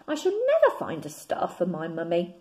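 A woman voicing a small, hopeful young bear cub in a read-aloud storybook, high and pleading. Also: wildly swooping pitch, normal speed, a little mellow. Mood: sad.

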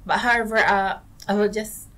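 With a steady, medium-pitched and fairly bright voice at a moderate pace, a woman gaming YouTuber chats and giggles through casual gameplay commentary aimed right at her viewers.

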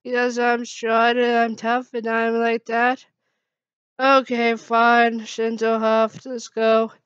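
A woman reading a fan story aloud in a halting way, with slips and restarts. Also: a little high, monotone, fairly bright tone, smooth, dry recording, dull audio. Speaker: fan fiction reader.

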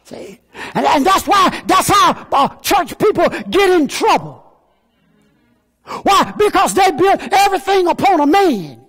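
A man preaching a sermon in a church as pastor, often rising to a shout, with many fillers and repeated phrases. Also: very high-pitched. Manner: often raises to a shout for emphasis.

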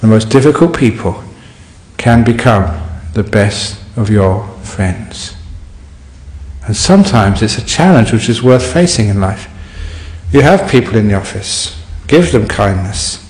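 A man's voice: lowish voice, a little slow. A man, a Buddhist monk, giving a humorous dharma talk and telling an anecdote in answer to a question. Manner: storytelling, humorous, lively. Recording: echoey hall recording.

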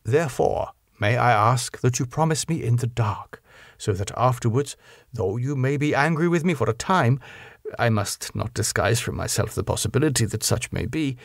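A man voicing a grave elderly professor who speaks in a solemn, measured, formal way, for an audiobook. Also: mid-range voice, very animated, husky, dry recording, studio quality, voice pushed up.

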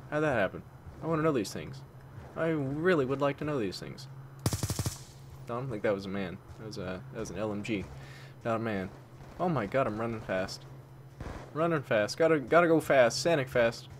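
A man commenting on his own gameplay, excitable, dropping from low mutters to sudden loud yelps and swapping curses for mild words. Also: normal speed, long pauses. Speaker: gaming commentator. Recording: game gunfire and noise behind the voice.

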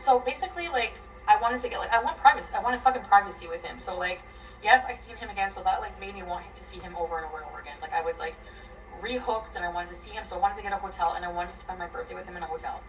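A woman venting a tangled relationship story, profane and rambling, her voice swinging between loud bursts and near mutters. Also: medium pitch, very fast, distant mic, slight background noise, poor audio. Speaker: guest telling her story. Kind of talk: emotional venting.

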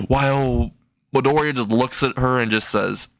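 A man's voice: mid-range voice, normal speed, a bit bright, dry recording. Man, casual comic storyteller, rambling, dry close sound. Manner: rambling, laughs at his own jokes. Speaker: fan fiction storyteller.

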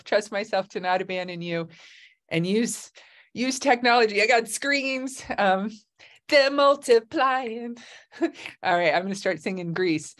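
A middle-aged woman hosting a casual video-call chat from Hawaii, effusive and emotional, often laughing. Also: mid-range voice. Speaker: host. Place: home in Hawaii.

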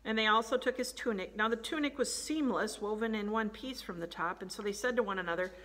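A woman's voice: medium pitch, brisk, fairly bright tone. Woman reading scripture in a reverberant hall. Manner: raises voice for quoted lines. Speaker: scripture reader. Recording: long reverb of a large hall.

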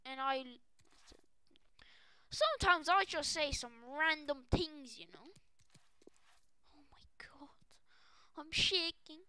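Young female streamer, shrieky and excitable, very high voice, slow unhurried delivery. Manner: shrieking, excitable, often breaks into shouts. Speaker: gaming streamer. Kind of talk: excited live pack-opening stream.

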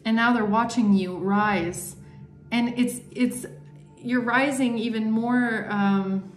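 Taking her time in a slightly high voice, the tarot reader chats emphatically through a casual reading, acting out people's imagined thoughts. The recording has a roomy echo with faint music underneath.

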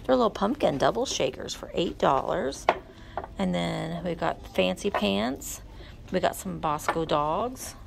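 Gravelly, lively woman vlogger. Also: fairly low pitch, unhurried, background noise. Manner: chatty, talks to the items, drops into whispered asides. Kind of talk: casual thrift-shopping chat. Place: indoor antique mall with booths. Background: faint store music.

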